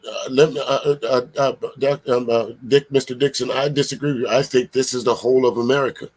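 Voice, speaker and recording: With a husky, mid-range voice and fairly even intonation, a Charleston, South Carolina man talks back at a clip in casual commentary. He swears freely, speaks bluntly and emphatically, and stumbles over drawn-out fillers between points.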